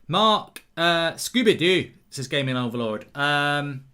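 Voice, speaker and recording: A man hosts a live football watchalong with a bright, forceful voice pitched a little high. He rambles chattily, reads out viewer messages and jumps into excited commentary. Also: moderate pace.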